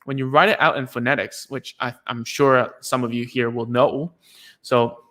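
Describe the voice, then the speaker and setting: A man's voice: medium pitch, fairly even intonation, fairly quick, a bit bright. A man, a speech therapist, teaching in a casual live session, chatty and self-deprecating with many fillers and restarts.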